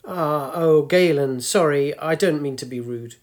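A man voicing a brisk, hurried young software engineer in a storybook reading, curt and easily flustered. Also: a little high, close to an everyday voice.

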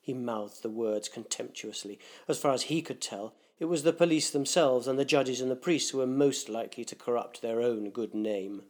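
A man reading a dark short story aloud, in a measured, deliberate narration. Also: medium pitch.

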